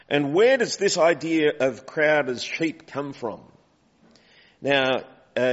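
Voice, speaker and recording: A man preaching a conversational sermon in a church, asking the congregation questions and calling for volunteers. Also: medium pitch. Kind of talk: interactive sermon. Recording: dull recording with long hall reverb.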